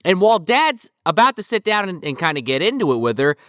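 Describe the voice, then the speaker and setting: Bright, lively man joking about a film. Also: high voice, fast talker, clear, resonant tone, no room sound, studio quality. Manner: joking, incredulous asides. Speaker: podcast co-host. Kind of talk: casual film review chat.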